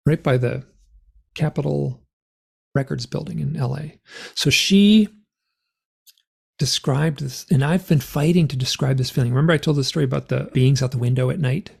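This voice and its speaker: A man telling his story in a rambling, animated way, full of fillers, as a guest on an interview show. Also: mid-range voice, normal speed, creaky, pauses often, breathy edge. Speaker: guest author and experiencer. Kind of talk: conversational storytelling.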